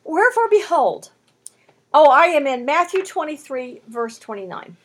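Woman, Bible teacher, fairly high pitch, emphatic, rhetorical questions, reads scripture aloud. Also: expressive, normal speed. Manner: emphatic, asks rhetorical questions, stretches key words. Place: at home.

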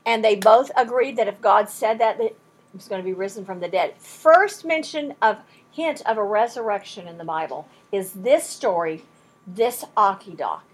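A woman teaching verse by verse through a Bible passage, emphatic and animated, acting out quoted lines. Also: medium pitch, moderate pace, breathy edge.

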